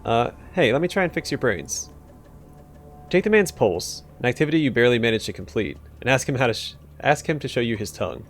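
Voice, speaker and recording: A man's voice: mid-range voice, lively intonation, fairly quick, a little hiss or hum. A man hosting a let's play, making wry asides and reading choices aloud with frequent fillers. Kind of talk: casual gameplay commentary and reading dialogue aloud.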